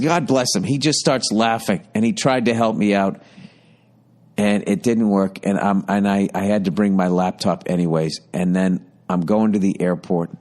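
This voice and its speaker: A man's voice: fairly low pitch, darkish tone. A man in his fifties hosting a podcast, telling a rambling, exasperated story full of heavy swearing. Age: 50s. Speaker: podcast host. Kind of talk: profane comic storytelling monologue.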